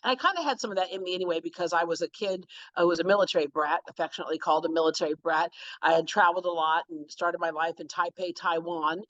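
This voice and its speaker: A woman who hosts a television talk show, telling stories as a guest in an animated way and acting out the quotes. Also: fairly low pitch, fast, no echo, highs cut off. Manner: animated, acts out quotes in different voices. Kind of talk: storytelling interview chat.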